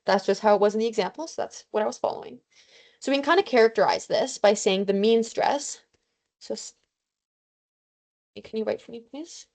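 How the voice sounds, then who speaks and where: A woman's voice: fairly high pitch, fairly quick, pauses often, a little mellow. A young woman tutoring a review session over a video call, casual and self-deprecating as she explains formulas. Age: young adult. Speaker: student tutor. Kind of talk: online review lesson.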